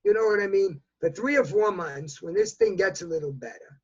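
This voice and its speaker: Older man, 80s, New York accent, repeats himself for emphasis; higher voice, muffled video call sound. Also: animated, fairly quick, a little mellow, breathy edge. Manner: emphatic, repetitive, talks in bursts. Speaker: interview guest. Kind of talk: remote news interview. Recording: dull lo-fi video call audio.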